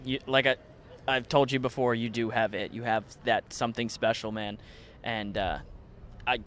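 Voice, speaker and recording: A man's voice: mid-range voice, a bit bright, slight background noise. A man hosting an interview, asking questions in a casual, admiring way. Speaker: host.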